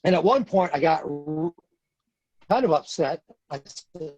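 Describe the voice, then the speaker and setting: Husky-voiced middle-aged man telling war stories. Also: fairly high pitch, lively intonation, a little slow, a little mellow, no echo, lo-fi sound. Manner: earnest, blunt, repeats phrases for emphasis. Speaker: podcast guest, retired Marine sergeant major. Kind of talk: casual storytelling in a podcast interview.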